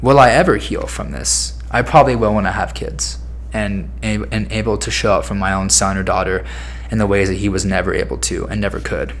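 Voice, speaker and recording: A young man in his twenties talks through a personal podcast monologue in a lowish voice. He is candid and emotional and swears freely. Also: steady tone, brisk, slight background noise. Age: 20s. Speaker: podcast host.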